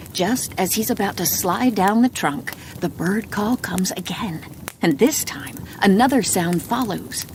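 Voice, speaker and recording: Gentle woman reading a bedtime story. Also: medium pitch, a little hiss or hum. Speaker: audiobook narrator. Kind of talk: calm bedtime story narration.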